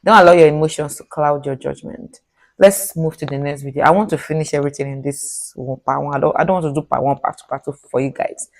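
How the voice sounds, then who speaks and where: Woman from nigeria reacting to a clip, deep-ish voice, chatty and repetitive. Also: fast talker, low-quality recording. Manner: chatty, repeats herself when excited. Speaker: reaction video host. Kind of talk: casual commentary to viewers.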